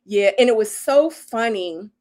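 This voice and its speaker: A woman's voice: fairly high pitch, lively intonation, measured pace, a little mellow. A woman in her forties, a former model, giving a casual, emphatic recap straight to camera, often tagging lines with "okay?" and "honey". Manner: sassy and emphatic, keeps adding "okay?" and "honey". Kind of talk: casual recap chat to viewers.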